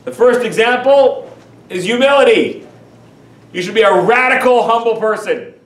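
Rabbi lecturer, male, high voice, emphatic and animated; echoey, distant recording. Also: normal speed. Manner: animated, emphatic, rhetorical questions. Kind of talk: lecture on Jewish teachings. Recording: echoey room, far from mic.

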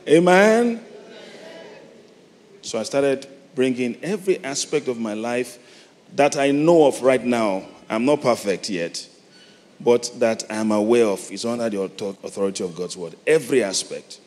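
Nigerian pastor preaching in a reverberant hall. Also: male voice, mid-range voice, normal speed. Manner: swings from soft reflective storytelling to loud emphatic preaching. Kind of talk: sermon. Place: large church hall. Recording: long hall reverb, faint noise.

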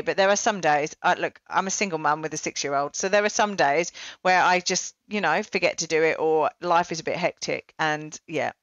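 A woman's voice: lowish voice, fairly bright tone, no room sound. A woman hosting a podcast, chatty and self-deprecating, with plenty of fillers as she talks. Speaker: podcast host. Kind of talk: casual interview chat. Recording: dull, dry lo-fi recording.

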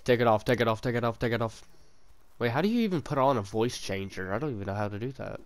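A man's voice: medium pitch, lively intonation. A young man with a sore throat chatting casually while playing in VR, laughing at himself and swearing freely. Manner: laughing, self-mocking, quick to swear. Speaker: gamer. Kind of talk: casual VR game chat. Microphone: VR headset.

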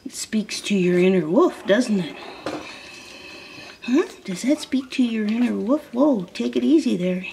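Doting woman cooing slowly at a puppy. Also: a little high, expressive, creaky, dark tone, slight background noise. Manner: sing-song, doting, slow and soothing. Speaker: dog breeder filming a puppy. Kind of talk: cooing baby talk to a puppy.

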